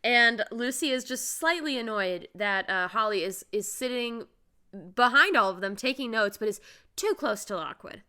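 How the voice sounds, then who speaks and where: A woman co-hosting a casual book podcast, giggly and slangy, swinging between hushed remarks and loud outbursts. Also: a little high, expressive, normal speed, clean tone. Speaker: podcast co-host.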